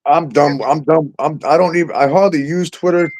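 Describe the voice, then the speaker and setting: A man hosting a casual talk show, animated and profane, laughing often and acting out exchanges as he tells stories. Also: a little high, brisk. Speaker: show host. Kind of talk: casual podcast chat.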